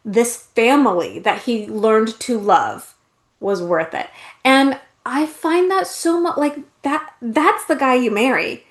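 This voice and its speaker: A woman's voice: fairly high pitch, lively intonation, slow. A woman in her forties co-hosting a podcast, chatting casually with wry, opinionated remarks. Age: 40s. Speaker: podcast co-host. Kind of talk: casual chat.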